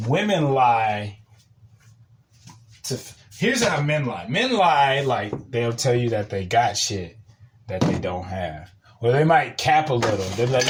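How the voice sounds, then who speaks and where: A man's voice: mid-range voice, noisy background. A young man giving a casual, profane, rambling monologue and laughing often. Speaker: podcast host.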